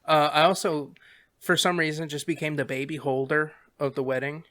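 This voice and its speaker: A man in his twenties hosting a podcast, telling stories in an animated way and acting out quotes. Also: fairly high pitch, moderate pace. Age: 20s. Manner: animated, laughing storyteller who acts out quotes. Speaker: podcast host. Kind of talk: casual storytelling chat.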